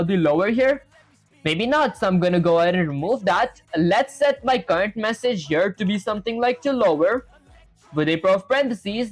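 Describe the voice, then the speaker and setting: A man's voice: high voice, dry recording. Young guy live coding, talking thru it, dry close sound, faint music behind. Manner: thinks aloud, reads chat to viewers. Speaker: livestreaming programmer. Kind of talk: casual live coding chat.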